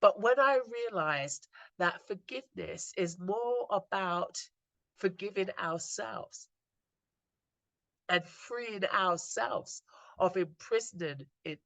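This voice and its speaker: A woman slowly retelling moving stories in an earnest, reflective talk, often stopping and restarting her sentences. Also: mid-range voice, expressive, fairly bright tone, no echo. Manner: earnest, slow storytelling with frequent restarts. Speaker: inspirational speaker.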